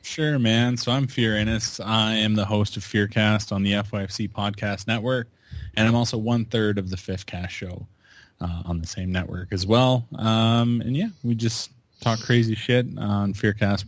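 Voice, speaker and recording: Laid-back Canadian podcast guest, low voice. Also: male voice, fairly even intonation, normal speed, dry recording. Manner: laid-back and joking, laughs often. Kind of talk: casual podcast chat.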